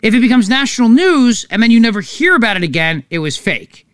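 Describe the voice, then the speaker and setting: A man's voice: very high-pitched, very animated, fairly quick, fairly bright tone, clean tone, no echo, studio quality. A man hosting a political talk show, sarcastic and mocking in his commentary. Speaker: talk radio host.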